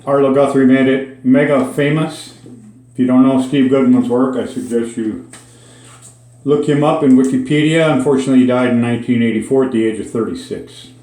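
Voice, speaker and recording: A man's voice: mid-range voice, steady tone, fairly quick, mellow. Chatty Minnesotan man in an echoey room. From Minnesota, USA. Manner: chatty, folksy, with dry asides. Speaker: host teaching Spanish words. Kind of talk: casual spoken lesson.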